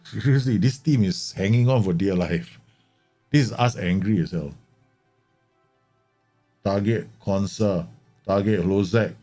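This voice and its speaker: Male game streamer, lowish voice, excitable live match commentary, faint background music. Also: unhurried, long pauses. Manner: animated, exclaiming and grumbling at the match. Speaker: streamer playing a football management game.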